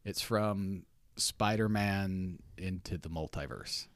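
A man's voice: deep voice, slow pace, dry recording. A middle-aged man hosting a podcast in a studio, chatty and self-deprecating, with lots of fillers and restarts. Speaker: podcast host. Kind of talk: casual podcast chat.

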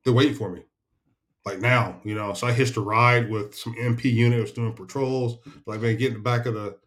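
A man's voice: medium pitch, flat delivery, fairly quick, fairly bright tone. A middle-aged man, a retired senior military leader, is a podcast guest telling laid-back, salty war stories with frequent chuckles. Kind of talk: casual storytelling interview.

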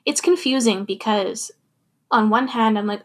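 A woman's voice: a little high, moderate pace. A young adult woman talking candidly and thoughtfully about her feelings in a personal monologue, laughing now and then.

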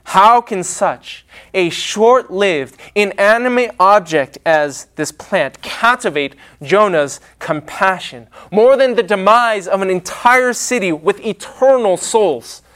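A man preaching a sermon, with a dramatic, emphatic delivery and pauses. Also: sits high, fairly bright tone.

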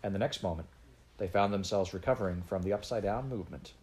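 A man reading a children's novel aloud in an unhurried, gently expressive way. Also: sits low. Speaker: audiobook reader.

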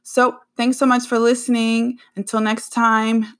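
A woman's voice: fairly high pitch, flat delivery, a little slow, a bit bright. A woman hosting her own podcast, talking casually and rambling with frequent self-corrections. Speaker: podcast host. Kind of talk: casual solo podcast chat.

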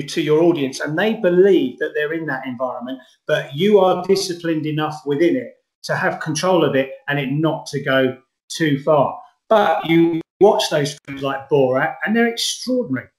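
A middle-aged man, an actor, talking through his ideas in an earnest, rambling way during an interview. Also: a little high. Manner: earnest, rambling, lively emphasis. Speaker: guest actor. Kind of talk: conversational interview. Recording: roomy echo.

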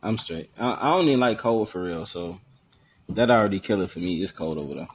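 A man's voice: low voice, animated, brisk, slight background noise. A man in a casual group chat, talking in loose slang and joking around.

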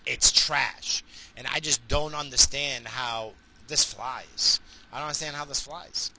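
A man's voice: mid-range voice, unhurried, creaky, sharp tone, slight background noise. A man driving in his car, ranting in a crude, rambling way and swearing constantly into a phone. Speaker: vlogger. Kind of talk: profane rambling rant while driving.

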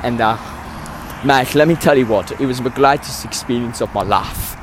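A man hosting a comedy podcast in a mock South African accent, telling absurd stories in a meandering, deadpan way, full of hesitations. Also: mid-range voice, moderate pace, background noise. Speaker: podcast host. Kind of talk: rambling comedic podcast monologue.

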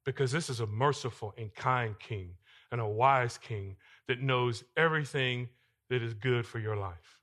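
A male pastor preaching a sermon in a church, swinging between loud emphatic lines and quiet asides. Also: mid-range voice, normal speed. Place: church sanctuary.

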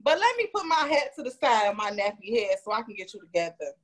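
A woman's voice: mid-range voice, big pitch swings, quick pace. A woman guest on a podcast talking in a blunt, teasing way and pressing hard for yes-or-no answers. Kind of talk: casual podcast debate.

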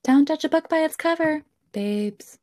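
A woman co-hosting a podcast in casual chat, laid-back and drawn-out, with many fillers. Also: high-pitched, expressive, a little mellow. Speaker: podcast co-host.

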